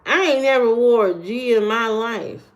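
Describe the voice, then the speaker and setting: A woman's voice: a little high, moderate pace, highs cut off. A woman live streamer chatting casually with her viewers, answering their comments with sass. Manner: sassy, talks back at trolls.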